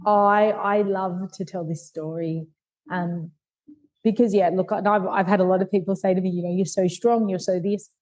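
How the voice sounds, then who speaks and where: A woman's voice: medium pitch, steady tone, normal speed, a little mellow, no echo, low-quality recording. A woman, a podcast guest, telling her life story openly and earnestly, acting out remembered dialogue. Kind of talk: candid life story in conversation.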